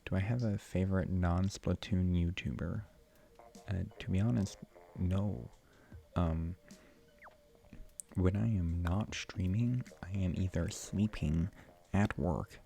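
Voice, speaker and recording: A young man streaming a game late at night, talking quietly and half-whispering in a rambling, restarting way so he won't wake his sister. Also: low-pitched, steady tone, takes it slowly, gravelly, pauses often. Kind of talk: quiet live stream chat while playing. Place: room at home at night. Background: game music.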